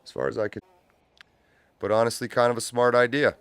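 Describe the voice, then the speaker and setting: A man hosting a livestream in loose, profane, casual chat, breaking into loud laughs. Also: medium pitch, steady tone, a little fast, clean tone, no echo. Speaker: livestream host.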